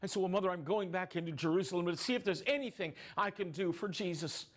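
A man performs an anguished younger brother recounting his brother's suffering as a first-person dramatic monologue. The voice sits high for a man. It stays earnest and emotional, swelling into grief-stricken cries. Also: fast. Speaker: dramatic storyteller.

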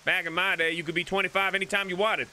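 A man putting on a loud, blustering voice as a grumpy old-timer ranting about the old days. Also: high-pitched, level tone, fast, a little hiss or hum, voice pushed up. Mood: nostalgic.

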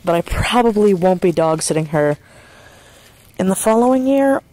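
A woman vlogging in casual chat, rambling and swearing freely, speaking in a soft hushed voice outdoors at night while walking a dog. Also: mid-range voice, animated, normal speed, no room sound.

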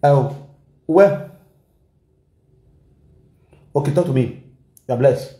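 A man with a Nigerian Pidgin English accent giving animated gossip commentary, switching languages and mimicking people. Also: medium pitch, takes it slowly, reverberant. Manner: animated, mixes Pidgin and Yoruba, shouts and mimics. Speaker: gossip vlogger. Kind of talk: excitable commentary vlog.

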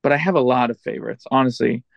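A man chatting as a guest musician in a relaxed interview, candid and a little self-deprecating as he looks back. His voice sits at an ordinary middle pitch. The sound is close and dry, with no room around it. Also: fast talker, gravelly, no echo, muffled recording. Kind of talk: casual interview chat.

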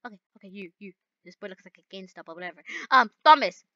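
A young woman giving casual, excitable gameplay commentary, often laughing and shouting at the game. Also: medium pitch, very fast, no echo, highs cut off. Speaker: gaming YouTuber.

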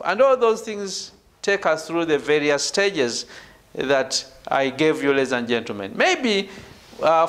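A man teaching a PhD seminar, stressing key words and checking in with "right?" and "ladies and gentlemen". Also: a little high. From Uganda. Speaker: university lecturer. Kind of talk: online PhD seminar lecture.

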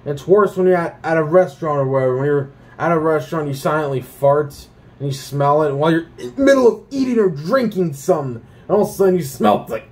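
A man's voice: a little high, quick pace. A young man from Canada ranting casually about things he hates, swearing often and filling with "like" and "um". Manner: profane, animated ranting with many fillers. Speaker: vlogger.

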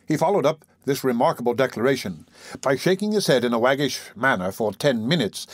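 Male audiobook narrator, measured theatrical reading, mid-pitched voice, dry sound. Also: dry recording. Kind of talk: scripted narration.

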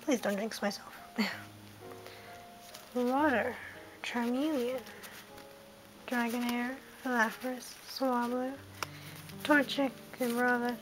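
A young British woman with a high, light voice talks slowly through a card unboxing. She reads out each card in a soft running list and breaks into small excited reactions at the good pulls. Music plays clearly underneath her. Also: rough recording. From United Kingdom. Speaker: card-opening vlogger. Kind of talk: casual card-opening commentary.

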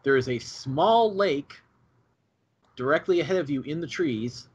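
A man's voice: on the high side, lively intonation, husky. A man running a tabletop game as game master, describing scenes with a sore throat. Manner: descriptive, playful, measured narration. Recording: dull lo-fi mic.

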